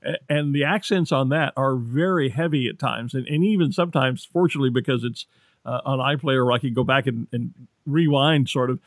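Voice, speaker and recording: A man's voice: medium pitch, a little fast, no room sound, studio quality. An American man hosting an interview, chatty and friendly, asking questions and telling side stories. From United States. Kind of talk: casual interview.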